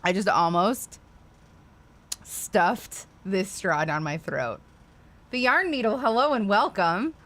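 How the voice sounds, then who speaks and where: A woman hosting a casual livestream, talking straight to her viewers. Her pitch jumps up and down a lot as she rants, swears freely and keeps breaking off to apologize. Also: lively intonation, slow, long pauses, fairly bright tone. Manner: profane, ranting, apologetic asides. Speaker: livestream host.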